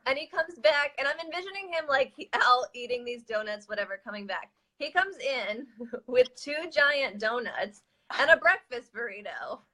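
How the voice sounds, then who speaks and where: A woman's voice: high voice, moderate pace. A woman hosting a casual chat, telling a funny story with lots of laughter. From United States. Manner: animated storyteller, laughs often. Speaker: host.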